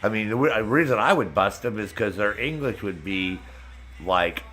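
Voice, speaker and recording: Male streamer, deep-ish voice, crude animated storyteller, light background music. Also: moderate pace, poor audio. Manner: profane, animated storytelling with falsetto impressions. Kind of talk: casual storytelling while gaming.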